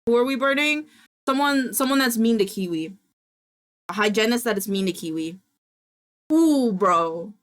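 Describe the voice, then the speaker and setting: A woman's voice: fairly high pitch, moderate pace, long pauses. Swearing, fired-up young woman streamer. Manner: indignant, swearing, animated ranting. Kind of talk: casual live-stream chat.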